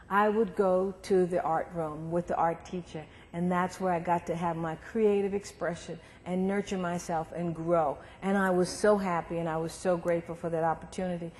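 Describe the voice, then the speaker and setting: Middle-aged woman, guest speaker, storytelling to a student audience, long hall reverb. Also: medium pitch. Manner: warm, animated storytelling with acted quotes. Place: lecture hall.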